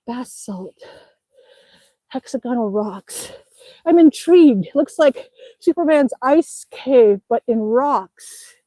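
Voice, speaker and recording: A chatty woman with a high, bright voice streams live from outside in the snow, reading viewers' comments aloud and laughing often. She sounds a little winded from exercise, and the sound is close and dry. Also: expressive, slow, long pauses, no room sound, poor audio. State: slightly out of breath from exercising outdoors. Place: outdoors in the snow.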